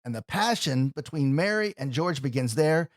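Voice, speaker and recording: Earnest radio host, dry sound. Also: male voice, a little high, expressive, moderate pace, no echo. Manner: warm-hearted, earnest, emotional. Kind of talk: radio interview.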